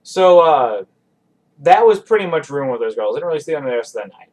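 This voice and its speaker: A man's voice: a little high, big pitch swings, a little fast, darkish tone, distant mic, low-quality recording. Podcast guest, male, rambling self-deprecating storyteller, sounding slightly off-mic. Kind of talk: casual storytelling.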